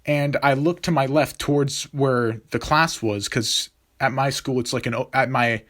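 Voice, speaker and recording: A man's voice: medium pitch, moderate pace, a bit bright. A young adult man telling a story from his school days in a casual, rambling way, full of fillers and restarts.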